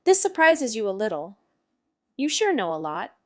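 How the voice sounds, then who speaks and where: A woman's voice: fairly high pitch, very animated, moderate pace, fairly bright tone, no echo, clean studio sound. A woman voicing a brash, foul-mouthed male jester wizard who narrates in a sardonic, rambling way.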